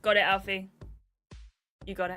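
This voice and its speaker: A woman's voice: medium pitch, level tone, a little slow, sharp tone, soft background music. A woman livestreaming herself playing a game, chatting in scatterbrained asides with frequent giggles, speaking into a webcam setup at her desk. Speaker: gaming streamer. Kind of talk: live gameplay commentary.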